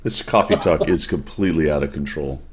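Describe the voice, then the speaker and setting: Deep-voiced man hosting a chat. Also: brisk, crowd noise. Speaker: host. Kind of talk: casual chat.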